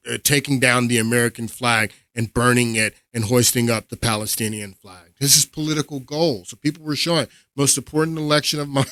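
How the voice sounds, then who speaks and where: A man's voice: mid-range voice, a bit bright, no echo, clean studio sound. A man hosting a political commentary show, talking emphatically to his viewers and laughing in disbelief.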